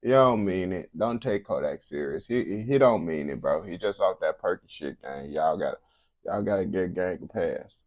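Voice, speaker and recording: A man's voice: sits low, animated, normal speed, a little mellow, dry recording. A man streaming casual reaction commentary, blunt and heavy on slang.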